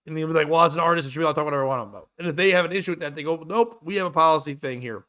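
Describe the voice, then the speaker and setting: A man's voice: a little high, very fast, bright, forceful tone. A man hosting a comedy podcast, ranting in a rambling, profane way. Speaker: podcast host. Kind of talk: casual comedic chat. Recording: dull lo-fi sound.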